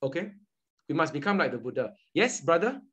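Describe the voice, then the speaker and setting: Man, Malaysian English accent, online tutor, somewhat high-pitched, repeats himself, patient lecture. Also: very animated, fairly quick, fairly bright tone, dull audio. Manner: repetitive, patient teaching with frequent "okay" and "all right". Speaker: Buddhist study group tutor. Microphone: video call.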